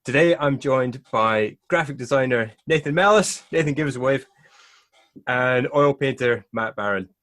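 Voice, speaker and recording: A man's voice: mid-range voice, animated, normal speed, a bit bright. A man hosting a podcast in a casual chat, often laughing as he talks. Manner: chatty, laughs often while talking. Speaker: podcast host.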